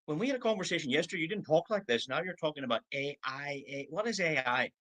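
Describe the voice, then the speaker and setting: Bright-voiced man in his sixties coaching. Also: a little high, animated, fast talker, poor audio. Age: 60s. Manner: acts out prospects' replies in quoted voices. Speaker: network marketing trainer. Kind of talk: motivational training talk. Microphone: video call.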